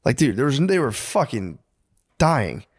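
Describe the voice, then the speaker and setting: A man in his thirties co-hosting a podcast, telling profane stories in relaxed casual chat. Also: medium pitch, measured pace, breathy edge, no room sound, studio quality. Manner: profane, drawling storyteller. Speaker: podcast co-host.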